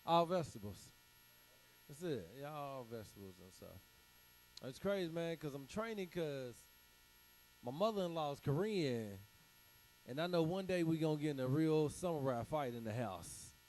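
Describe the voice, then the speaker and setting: A man's voice: on the high side, animated, moderate pace, darkish tone, slight background noise, rough recording. Slangy stand-up comic man. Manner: loose storytelling with slang, punchy sound effects. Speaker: stand-up comedian. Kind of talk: stand-up set.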